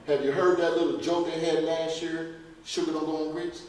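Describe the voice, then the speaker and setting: A man's voice: on the high side, flat delivery, moderate pace, darkish tone. Man lecturing in an echoey hall. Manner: rhetorical questions, folksy and emphatic. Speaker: health lecturer. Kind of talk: lecture to a church audience. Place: church hall. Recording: echoey hall recorded from far off.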